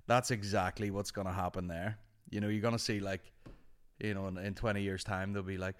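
A man's voice: on the low side, quick pace. A man hosting a comedy podcast, swearing, laughing and rambling as he chats. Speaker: podcast host. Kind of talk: casual comedy chat.

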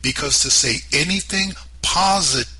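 Emphatic man with a very bright voice. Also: fairly high pitch, normal speed, a little hiss or hum, low-quality recording. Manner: emphatic, fires off rhetorical questions; sarcastic, mocking asides. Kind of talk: opinionated political commentary monologue.

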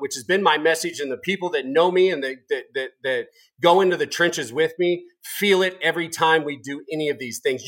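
A man's voice: on the high side, fairly bright tone. A man hosting a political talk show, delivering a fired-up, profane, combative rant with heavy emphasis.

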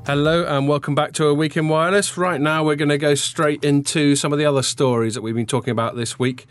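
A man's voice: fairly high pitch, fairly even intonation, fast, smooth, dry recording, soft background music. A man hosting a podcast, chatty and jokey, often trailing off mid-sentence. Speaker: podcast host. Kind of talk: casual chat.

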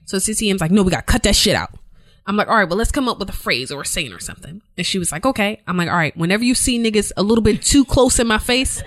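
A woman co-hosting a podcast, telling a story in casual chat, animated and profane, acting out quotes. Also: medium pitch, racing, few pauses, no echo. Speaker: podcast co-host.

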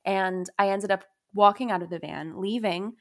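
A woman's voice: mid-range voice, moderate pace. A young adult woman, a musician guest in an interview, telling a personal story in a confessional way with lots of "you know" and "like".

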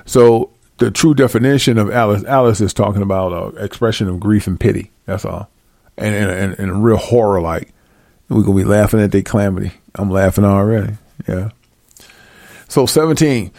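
A man's voice: medium pitch, darkish tone, dry recording, studio quality. Blunt, fiery man preaching scripture. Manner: blunt, confrontational and mocking; reads verses aloud then explains them. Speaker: self-styled Bible teacher. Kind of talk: scripture reading with fiery commentary.

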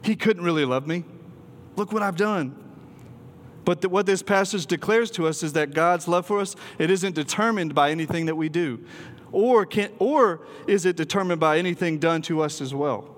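Earnest preacher in a reverberant hall. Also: male voice, a little high, normal speed. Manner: earnest, emphatic, with filler ums and restarts. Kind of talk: sermon.

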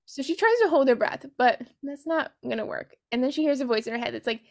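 A woman's voice: high voice, quick pace, a little mellow. A woman hosting a book podcast, recapping a novel in casual chat. She is sarcastic, swears freely and giggles at her own jokes.

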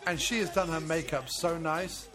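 A man's voice: fairly high pitch, normal speed, music in the background. A man riffing crudely and playfully over a film, often slipping into silly voices.

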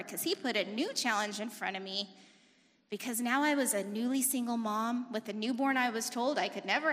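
Fast-talking woman testifying in a reverberant church. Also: a little high, slight background noise. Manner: fast-talking, animated storyteller; emphatic, rising to forceful intensity. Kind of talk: personal testimony talk. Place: church sanctuary. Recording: long reverb of a large hall.

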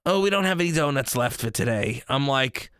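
A man in casual chat, rambling through an animated story, quoting himself and others along the way. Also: mid-range voice, brisk, clean tone, dry recording, studio quality.

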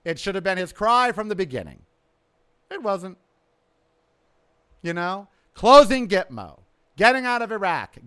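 A man hosting his podcast, delivering a sarcastic, ranting political monologue that swings from loud outbursts to low mutters. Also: smooth. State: coughing from smoke in throat. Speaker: podcast host. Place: outdoors.

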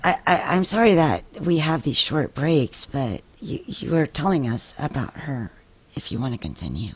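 A woman's voice: deep voice, big pitch swings, normal speed, breathy edge. A woman hosting a faith-based interview show, asking questions and encouraging her guest. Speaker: host.

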